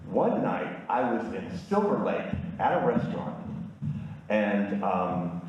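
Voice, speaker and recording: Older man, candid storyteller, boomy echo, heard from afar, dull sound. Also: sing-song, slow pace, a little mellow. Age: 60s. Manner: candid, self-deprecating humor. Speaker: speaker at a community event. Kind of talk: personal storytelling talk with slides. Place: community event room. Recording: echoey, distant, dull room sound.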